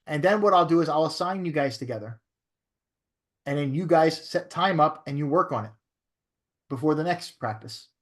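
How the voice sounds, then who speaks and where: A man's voice: fairly high pitch, animated, moderate pace, long pauses, fairly bright tone. A man who is a real estate broker teaching a training class in a coaching way, often checking in with "right?".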